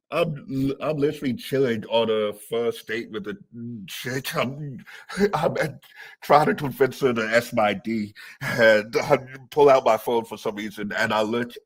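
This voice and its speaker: A man guesting on a comedy podcast, telling a story in an animated, casual way, often laughing mid-sentence and stumbling into restarts. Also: mid-range voice, slightly rough, no echo. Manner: animated, often laughing through his words, stammering restarts.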